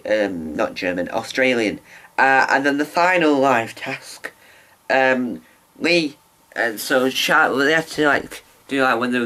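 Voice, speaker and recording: Male vlogger, bright tone, loose chatty delivery full of restarts, on-camera mic. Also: lowish voice. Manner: rambling, chatty, many restarts and ums. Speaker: vlogger reviewing a TV show. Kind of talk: casual review vlog.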